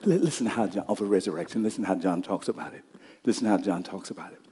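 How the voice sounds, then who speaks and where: A male pastor preaching a sermon, telling stories and building up to shouted climaxes. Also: deep voice, fast, slightly rough, long reverb tail.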